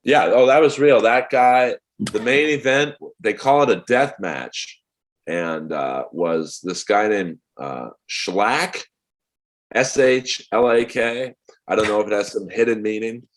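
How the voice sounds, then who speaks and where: Deep-voiced comedian in his forties. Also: slow pace. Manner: rambling, animated storyteller. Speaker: comedian guest. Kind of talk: casual podcast chat.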